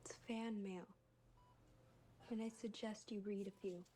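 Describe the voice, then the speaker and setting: A woman's voice: mid-range voice, fairly even intonation, mellow, slight background noise, close to an everyday voice. An actress playing an anxious, loving wife who pleads with her husband. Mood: earnest. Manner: pleading, emotional, rapid. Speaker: worried wife in a drama clip. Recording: drama clip with music underneath.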